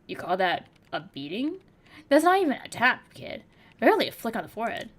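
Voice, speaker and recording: Brash male viking sailor, voiced by a woman: teasing, blunt, fairly high and lively. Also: a little fast. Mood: mocking. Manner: mocking, blunt, calls others kid.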